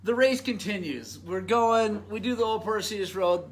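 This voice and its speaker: A man in his thirties hosting a show, telling a long personal story in a casual, animated way and laughing often. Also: sits high, moderate pace. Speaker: podcast host.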